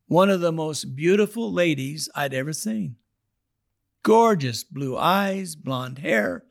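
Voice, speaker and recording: A man with a fairly high voice tells his testimony on a podcast. His delivery is dramatic, dropping to a hushed, prayerful murmur and then rising into loud outbursts. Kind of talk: storytelling testimony.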